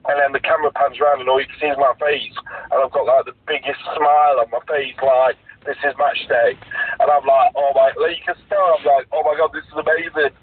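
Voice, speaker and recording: A man's voice: medium pitch, fairly even intonation, fairly quick. A man co-hosting a podcast over a phone call, rambling and stammering in a casual chat. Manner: rambling, stammering, laughs easily. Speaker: podcast co-host. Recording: tinny phone line, dry.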